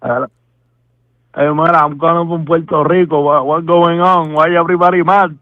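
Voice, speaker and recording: A man playing a loud prank caller with an exaggerated fake accent, mixing in Spanish. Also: on the high side, little pitch movement, slow, dry recording. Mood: goofy. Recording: tinny phone line.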